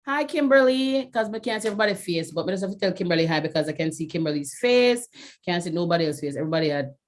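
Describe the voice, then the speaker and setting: Jamaican woman host, lowish voice, chatty and loose, lots of fillers, video-call sound. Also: lively intonation, rapid-fire. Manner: chatty, many "you know" fillers, slips into patois. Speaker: webinar host. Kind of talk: casual chat closing a webinar.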